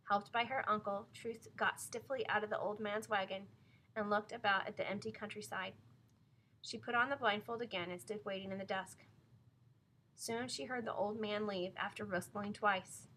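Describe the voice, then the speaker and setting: A woman's voice: medium pitch, steady tone, moderate pace, fairly bright tone, slight background noise. Woman reading a novel aloud. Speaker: narrator.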